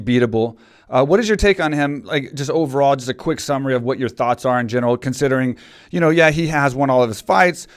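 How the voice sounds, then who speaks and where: A man's voice: mid-range voice, clean tone. Laid-back male podcast host. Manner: laid-back, loose, says "man" and "dude". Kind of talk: casual interview chat.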